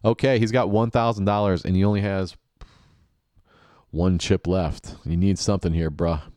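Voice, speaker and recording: A man's voice: deep voice, steady tone, normal speed, warm tone, dry recording, clean studio sound. A male podcast host giving joking, sarcastic play-by-play of a TV game show and chuckling often.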